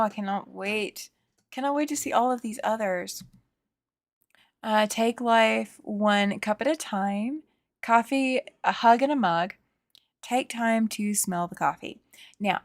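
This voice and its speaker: A woman's voice: medium pitch, creaky, no echo, studio quality. A woman hosting a live show-and-tell stream, gushing over viewers' sewing and embroidery and reading out their comments. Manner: gushing, exclaims often over viewers' work. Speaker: host. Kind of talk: livestream show-and-tell chat.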